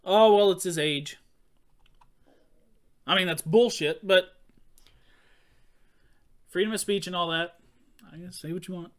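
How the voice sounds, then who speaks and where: A man co-hosting a podcast, chatting casually and telling playful stories with quick jokes. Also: sits high. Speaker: podcast co-host. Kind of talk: casual chat.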